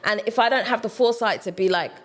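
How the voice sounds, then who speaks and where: A woman's voice: a little high, fast. A woman vlogger giving reflective, conversational commentary, thinking aloud with plenty of fillers. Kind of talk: commentary vlog.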